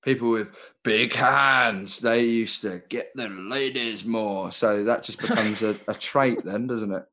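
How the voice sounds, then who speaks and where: A man's voice: lowish voice, unhurried, hardly any pauses, pushed and bright. A man co-hosting a podcast, musing aloud with jokey questions. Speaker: podcast co-host. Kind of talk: casual chat.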